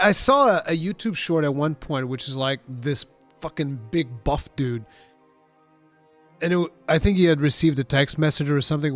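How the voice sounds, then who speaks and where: Stuffy-nosed man chatting on stream. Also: fairly high pitch. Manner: animated, profane storytelling. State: nasal, stuffy from allergies. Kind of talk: casual stream chat while building models.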